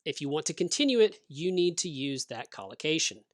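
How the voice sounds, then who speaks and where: A man teaching English grammar, explaining rules slowly and clearly with example sentences. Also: fairly high pitch, very animated, fairly bright tone, no echo, studio quality. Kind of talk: grammar lesson.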